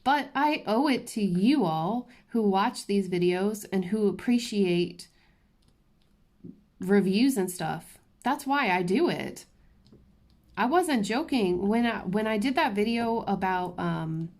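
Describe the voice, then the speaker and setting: A woman vlogging from her crafting table at home, talking candidly and ranting to her viewers with quick restarts and asides. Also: mid-range voice, animated, a little mellow. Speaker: diamond painting YouTuber. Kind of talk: casual chatty vlog while crafting.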